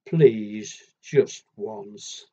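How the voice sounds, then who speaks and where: A man's voice: on the low side, dull audio, pitched below the performer's own voice, exaggerated voice. A man doing a big blustering storybook animal. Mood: pleading. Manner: loud, slow and blustering. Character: big grumpy possessive picture-book animal.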